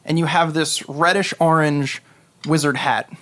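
A man narrating a tabletop game as game master, descriptive and unhurried, with many fillers. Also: on the high side, steady tone, a bit bright.

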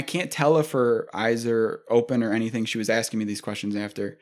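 A young man hosts a casual podcast chat, telling a story in an animated way. He swears freely and speaks at a middle pitch. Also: brisk, few pauses.

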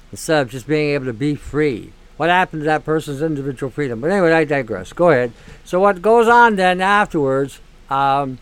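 A man's voice: on the high side, a bit bright, clear, resonant tone, no room sound. A man hosting a show, talking in a blunt, ranting monologue that keeps repeating itself and swears freely. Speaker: show host. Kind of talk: opinionated monologue.

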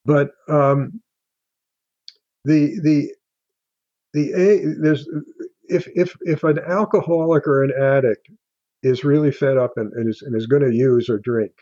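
Older man, halting and mellow. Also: mid-range voice, dry recording, lo-fi sound. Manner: halting, with many restarts and fillers. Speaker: guest author. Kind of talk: casual interview talk.

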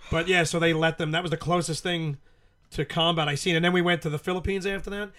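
A man's voice: on the high side, fairly even intonation, fast, a crowd in the background. A man in his late forties, a podcast guest, telling profane, rambling war stories with lots of laughter. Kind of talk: casual storytelling.

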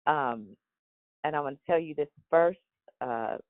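A woman's voice: sits low, unhurried, dry recording. Chatty woman on a tinny phone line. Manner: chatty and rambling, with many restarts and fillers. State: morning voice. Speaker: host of a daily prayer call. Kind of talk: casual devotional talk.

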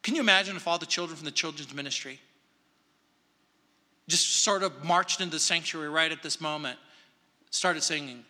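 A man preaching a verse-by-verse sermon in a church sanctuary, dramatic, swinging between loud emphasis and hushed asides. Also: high-pitched, moderate pace. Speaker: pastor. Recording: long hall reverb.

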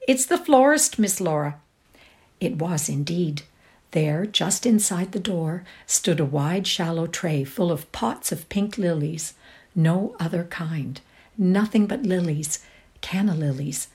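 Woman narrating a story, low and expressive. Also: slow. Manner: expressive, sinks to a whisper in quiet passages. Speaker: reader. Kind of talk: dramatic reading of a short story.

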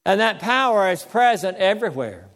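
A man with a high-pitched voice delivers a sermon as a pastor. He calls out for amens from the congregation and slows his pace to lean on the words that matter. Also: very animated, fairly bright tone, in a large hall. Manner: preaching with call-and-response, slowing to stress key words.

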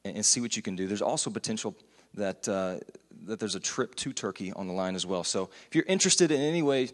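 A man's voice: lowish voice, expressive, fast. A man preaching a sermon in a church, earnest and conversational with frequent restarts. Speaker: pastor. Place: church sanctuary. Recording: long church hall reverb.

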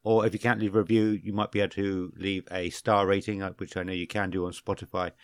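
A lower-pitched man co-hosting a casual podcast, joking, restarting his sentences and correcting himself as he goes. The sound is dry and close, with no room echo behind him. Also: level tone. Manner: joking, self-correcting, drawn-out readings of names. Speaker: podcast co-host.

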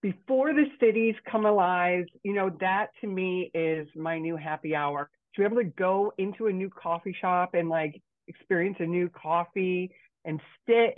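A woman's voice: on the low side, no echo. A woman guest in a podcast chat, effusive and emotional. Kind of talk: casual chat. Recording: tinny phone line.

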